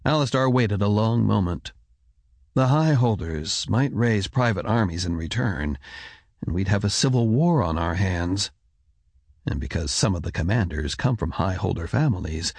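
A man reading a fantasy audiobook in steady, even narration on a close mic. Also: lowish voice, normal speed, husky, dry recording. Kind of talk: scripted narration.

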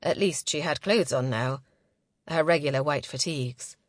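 Lower-voiced woman narrating a story. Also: normal speed, no echo. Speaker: audiobook narrator. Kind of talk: scripted narration.

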